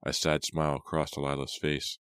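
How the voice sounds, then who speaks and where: A male audiobook narrator with an extremely deep, low voice and a steady, measured delivery. The sound is dry and close. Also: clear, resonant tone, no room sound.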